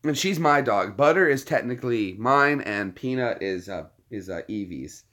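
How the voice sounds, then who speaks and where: A man hosting a casual live chat, often cooing soft baby talk to his dogs. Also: mid-range voice, expressive, moderate pace. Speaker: channel host.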